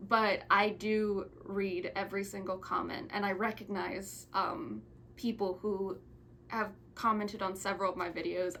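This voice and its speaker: A woman's voice: mid-range voice, fairly even intonation, normal speed, a bit bright. Young woman about 20 vlogging, rambling and stumbling over her words, kinda sappy, faint hiss behind. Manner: rambling, restarts and stumbles, sentimental. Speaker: YouTuber. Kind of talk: casual thank-you vlog.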